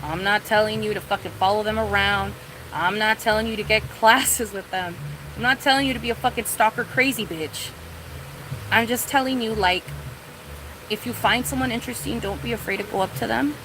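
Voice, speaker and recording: A woman's voice: mid-range voice, a little fast, noisy background. A young woman streaming live, ranting casually and profanely with lots of "like" and "you know what I mean.". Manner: profane, rambling, lots of fillers.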